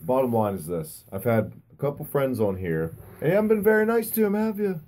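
A man co-hosting a podcast in casual chat, hoarse, bickering and swearing in exasperation. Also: mid-range voice, big pitch swings, a little fast, a little mellow. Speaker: podcast co-host.

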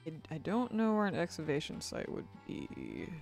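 With soft music playing, a streamer who's exhausted after a long day talks casually through his game, rambling, starting over repeatedly and apologizing for verbal stumbles. His mid-range voice has vocal fry and huge pitch swings, delivered at normal speed.

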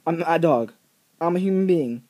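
A man's voice: on the high side, expressive, fairly quick, warm tone. Rambling, ranting teenage guy. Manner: exaggerated, rambling rant with many fillers. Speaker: vlogger. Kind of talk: ranting vlog monologue.

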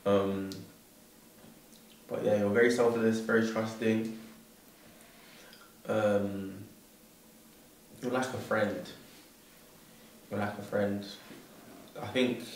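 A man rambles and jokes as he talks to his mother, his low voice held flat and level. He sounds far from the mic in an echoey room. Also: slight background noise. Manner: joking, rambling, with many fillers. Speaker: son speaking in a family tribute. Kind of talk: casual family chat.

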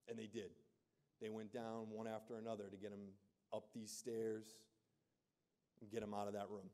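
Low, flat-voiced man giving a speech. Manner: plain, halting with many restarts and "you know". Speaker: keynote speaker, former soldier. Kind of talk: spoken storytelling speech. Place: gala event hall.

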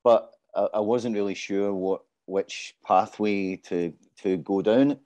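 A man in his forties talks through his career on a panel, modest and quick to downplay himself. His voice sits low and mellow. The sound is dry and close. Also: steady tone, no echo. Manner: modest, self-deprecating. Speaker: panelist, business development lead. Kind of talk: casual panel talk.

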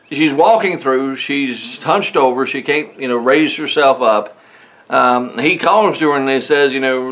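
A man's voice: medium pitch, a bit bright. Casual, chuckling male preacher. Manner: conversational, chuckles often, many fillers and restarts. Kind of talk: casual sermon with Bible reading. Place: church sanctuary.

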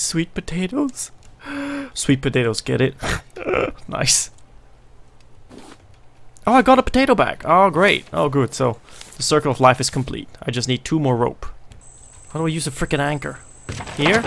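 A man commentating a survival video game. He jokes often and yells when things go wrong. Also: on the high side, slight background noise. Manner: excitable, jokey, yells at the game. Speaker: gaming video host. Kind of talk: let's play commentary.

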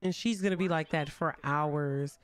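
A woman's voice: low voice, moderate pace. A young woman streaming a life-simulation game, chatting in slang and talking to her characters as she plays. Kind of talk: casual game commentary.

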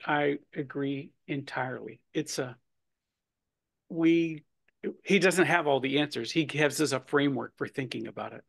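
A man's voice: mid-range voice, normal speed, fairly bright tone. A man hosting and moderating a discussion over a video call, chatty and engaging. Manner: gravelly, chatty. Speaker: host.

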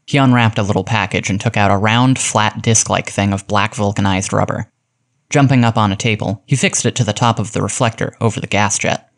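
A man reading a classic detective story aloud in measured storytelling narration. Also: on the low side, fairly even intonation, gravelly. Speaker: audiobook narrator. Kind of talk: scripted audiobook narration.

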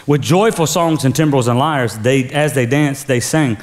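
A man's voice: mid-range voice, unhurried, few pauses. A male pastor preaching a sermon with energy, calling on the congregation to repeat after him. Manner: energetic preaching with call-and-response. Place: church sanctuary.

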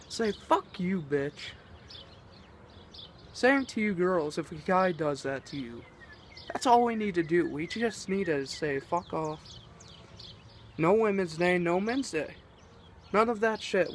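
A man's voice: high voice, a little hiss or hum. A man ranting and swearing in a casual, rambling vlog. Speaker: vlogger.

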